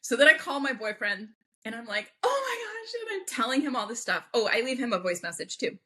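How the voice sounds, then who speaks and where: A woman guest on a podcast, telling a personal story in an animated way and acting out the voices of people she quotes. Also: a little high, fast. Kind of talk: casual storytelling interview.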